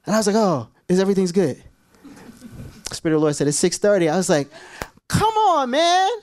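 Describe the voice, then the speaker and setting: A man preaching a sermon as pastor, telling animated, jokey stories to his church. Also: high voice, fast talker.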